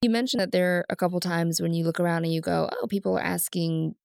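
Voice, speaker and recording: Woman host, low gravelly voice, conversational and encouraging. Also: fairly even intonation, fast talker, darkish tone, no echo, studio quality. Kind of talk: casual conversation.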